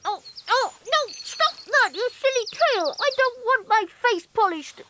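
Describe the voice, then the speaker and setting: Cartoon lead: a high, bouncy toy boy, polite, frets easily. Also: lively intonation, a little slow, heavy background noise. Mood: fussing. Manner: polite, fussing, easily flustered. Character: cheerful wooden toy boy who drives a little car. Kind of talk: cartoon voice acting.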